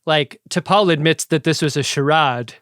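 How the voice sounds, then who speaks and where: Lively, joking podcast co-host, a man. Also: fairly high pitch, unhurried, no echo, studio quality. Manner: animated, jokey, slips into impressions. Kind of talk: casual chat.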